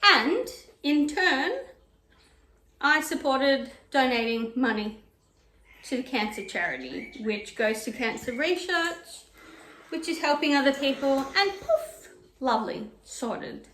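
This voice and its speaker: A woman's voice: high voice, sing-song, slow pace, a bit bright, a little hiss or hum. A woman vlogging about knitting and sewing, telling a story in a chatty, digressive way while ironing at home. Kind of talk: casual chat. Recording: echoey room.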